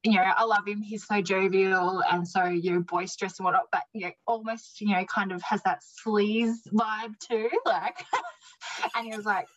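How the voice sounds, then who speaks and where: A woman's voice: mid-range voice, steady tone, moderate pace. A young woman animatedly telling a casual story, full of "like" and quoted dialogue. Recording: slightly dull lo-fi recording.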